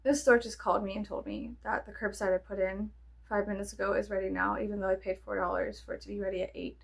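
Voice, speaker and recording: Gravelly-voiced woman rambling playfully to camera. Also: medium pitch, level tone, fast talker. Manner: playful, swears often, jumps between whispers and sudden squeals. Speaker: vlogger. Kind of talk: rambling casual chat to camera.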